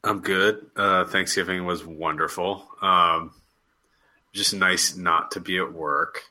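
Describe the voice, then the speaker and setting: A man's voice: deep voice, steady tone, slow pace, bright, forceful tone. A man co-hosting a podcast, chatting in a laid-back way with lots of fillers. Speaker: podcast co-host. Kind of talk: casual podcast chat.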